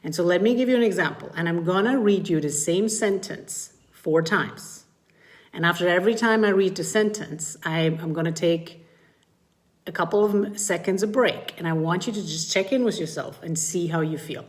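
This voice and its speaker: Speaking at a normal speed in a lowish voice, this middle-aged woman addresses viewers of her live-streamed coaching talk for mothers. Her tone swoops with animation whenever she dramatizes emotions.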